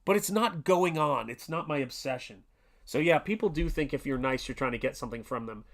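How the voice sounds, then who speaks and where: His voice is a touch high and a bit bright, with lively intonation and a slightly quick pace. As a man in his forties hosting an informal art livestream, he speaks earnestly, rambling and restarting with plenty of fillers.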